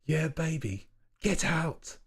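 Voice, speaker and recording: A man doing an impression of a shouting, angry celebrity chef, barking commands from a distance. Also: fairly high pitch, animated, takes it slowly, husky, voice pushed up, full character voice. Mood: bellowing.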